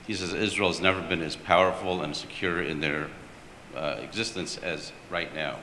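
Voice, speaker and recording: Deep voiced guy asking a question from the crowd, echoey hall, bit of hiss. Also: fairly even intonation, moderate pace. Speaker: audience member asking a question. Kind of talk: question from the floor. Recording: roomy hall with faint hiss.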